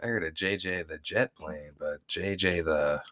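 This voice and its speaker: Bright-voiced joking man podcast co-host. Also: low voice. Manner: playful, jokey, halting. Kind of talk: casual chat recapping a reality show.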